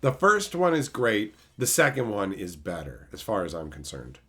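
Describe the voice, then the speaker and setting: A man's voice: on the low side, wildly swooping pitch, moderate pace, bright, forceful tone, husky. A man streaming casually, reading chat aloud and ranting with a lot of profanity.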